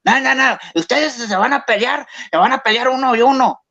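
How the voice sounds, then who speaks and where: A man's voice: very high voice, quick pace, sharp tone, pitched above the performer's own voice, exaggerated voice. A man voicing an older, toothless male ex-convict who insists on a one-on-one fight, on a dull lo-fi recording. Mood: insistent.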